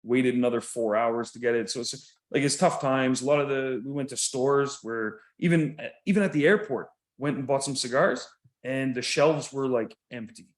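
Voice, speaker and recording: A man's voice: mid-range voice, normal speed. Canadian man in loose, laughing chat. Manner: laughs often, rambling, swears casually. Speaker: podcast co-host. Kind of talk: casual chat.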